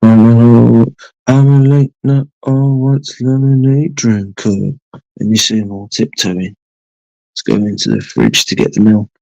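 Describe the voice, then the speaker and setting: A man's voice: mid-range voice, lively intonation, a little slow, vocal fry, warm tone, dry recording, dull audio. A man hosting a late-night live stream from home, chatting to viewers in a rambling, sweary way. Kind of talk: casual chat with viewers.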